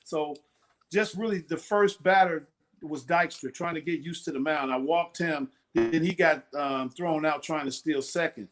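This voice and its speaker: Lively older man telling stories. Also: a little high, normal speed. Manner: animated storyteller, acts out quoted voices. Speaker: former pitcher, guest. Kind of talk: casual interview storytelling.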